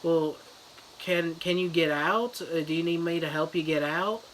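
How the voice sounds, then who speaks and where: Dude doing a helpful little kid, earnest and kinda unsure. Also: male voice, a little high, moderate pace, a bit bright, a little hiss or hum, close to an everyday voice, low-quality recording. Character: young boy, polite and helpful.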